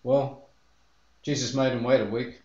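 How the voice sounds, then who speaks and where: A man's voice: mid-range voice, steady tone, a little slow, mellow, echoey room, muffled recording. A man preaching a sermon as pastor, earnest and telling the story with feeling. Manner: earnest, acts out the disciples' voices in quotes.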